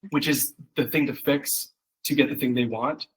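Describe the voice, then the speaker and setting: Here a male copywriting coach talks through a casual critique with one person, rambling with plenty of fillers and performing quoted lines in character. His mid-range voice sounds husky, with an even tone and ordinary pace, captured on a rough recording.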